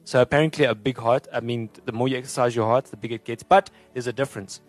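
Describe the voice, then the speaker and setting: A man's voice: mid-range voice, steady tone, fast talker, faint music behind. A man co-hosting a casual movie talk show, rambling with lots of restarts and fillers. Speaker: podcast co-host. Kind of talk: casual chat.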